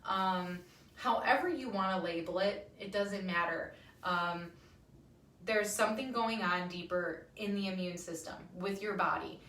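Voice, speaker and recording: A woman's voice: on the low side, measured pace, fairly bright tone. A woman in her thirties hosting a casual live talk to viewers, chatty and emphatic with frequent ums. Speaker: wellness talk host. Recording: roomy echo, somewhat far from mic.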